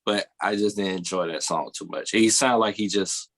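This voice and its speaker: A man's voice: on the low side, fairly even intonation, normal speed, a bit bright. A man co-hosting a podcast in casual chat, rambling and restarting his thoughts. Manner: rambling, restarts, hedging with "or whatever". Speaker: podcast co-host.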